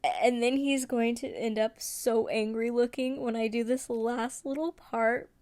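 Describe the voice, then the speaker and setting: Woman, casual voice-over, self-mocking, chatty, slightly high voice, dry close sound. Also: a little slow, a little mellow, no echo. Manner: chatty, self-mocking, laughing at her own mistakes. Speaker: nail art vlogger.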